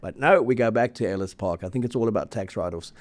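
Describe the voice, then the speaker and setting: A man's voice: lowish voice, fast. A man hosting a rugby podcast in casual, teasing chat, laughing often.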